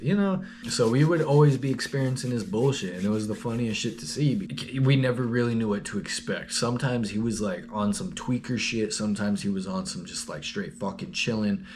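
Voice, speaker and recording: A man's voice: fairly low pitch, noisy background. A young man telling a story in a rambling, slangy, profane, laid-back way. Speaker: vlogger. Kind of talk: casual storytelling.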